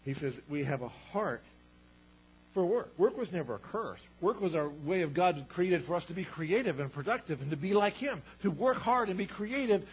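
A man's voice: high-pitched, animated, moderate pace, breathy edge, dull audio. A man preaching a sermon as pastor, conversational, asking the congregation rhetorical questions.

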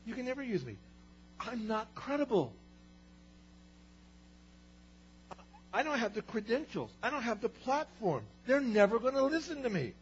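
A man's voice: very high-pitched, very animated, fairly quick, voice pushed up. A man acting out Moses as an anxious, self-doubting figure who pleads and protests with a whiny voice, on a slightly muffled recording with a faint hum. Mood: protesting.

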